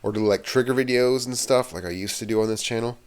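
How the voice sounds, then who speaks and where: A man's voice: medium pitch, quick pace, clear, resonant tone. A man hosting his own channel, talking in a loose, meandering rant that drifts from one tangent to the next. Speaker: channel host. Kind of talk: casual rambling rant to camera.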